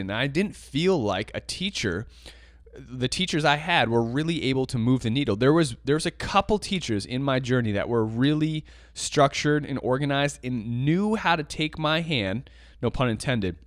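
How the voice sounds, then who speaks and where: Guy ranting passionately on his teaching podcast, mid pitch, very dry close sound. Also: no room sound. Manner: passionate, emphatic, ranting with repetitions. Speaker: podcast host and jazz piano teacher.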